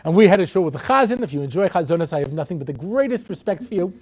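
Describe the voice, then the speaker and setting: A man in his sixties giving a humorous lecture as a rabbi, telling wry, animated stories with comic voices. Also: high-pitched, racing, noisy background.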